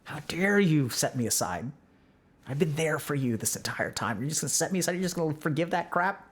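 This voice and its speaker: A man's voice: fairly high pitch, lively intonation, a little fast, slightly rough. A man voicing his own resentful inner mind, bitterly refusing to let go of its anger. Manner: bitter, snarling, profane.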